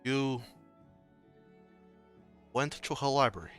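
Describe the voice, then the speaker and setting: A game master voicing a tired older noble lord who speaks in a measured, clipped and skeptical way. He is a stern father figure in a tabletop game. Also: medium pitch, a bit bright, faint music behind, voice pushed up. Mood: weary. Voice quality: tired, weary.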